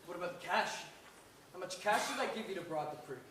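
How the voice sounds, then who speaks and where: A man's voice: sits high, lively intonation, quick pace, noisy background. A young man playing a jittery drug mule. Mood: agitated. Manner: agitated, whiny, questioning. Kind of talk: stage acting. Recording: very echoey stage from far off.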